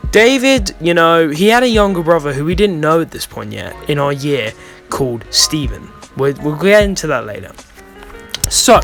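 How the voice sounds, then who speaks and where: A man's voice: on the high side, fairly bright tone. A young man telling a rambling, swear-filled storytime in a vlog, often losing his thread. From United Kingdom. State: stoned. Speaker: vlogger.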